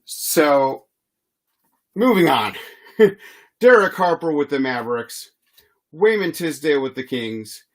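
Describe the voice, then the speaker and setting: A man's voice: a little high, animated, takes it slowly, pauses often. A man hosting a live trading card box break, reading player names in a chatty, easygoing way and laughing often.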